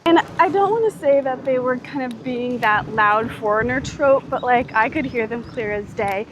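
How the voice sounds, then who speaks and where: A woman's voice: on the high side, normal speed, slight background noise. A young woman chatting to camera in a travel vlog, rambling and self-mocking, with plenty of "like". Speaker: travel vlogger. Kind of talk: casual vlog chat to camera.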